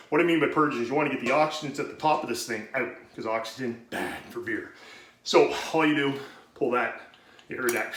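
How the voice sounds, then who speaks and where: A bright, forceful-sounding man rambles through a casual how-to with plenty of profanity, cutting himself off mid-sentence and running short of breath. He is recorded in a roomy, echoey space with a faint hiss behind him. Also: mid-range voice. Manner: rambling, profane, self-interrupting. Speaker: home brewing video host.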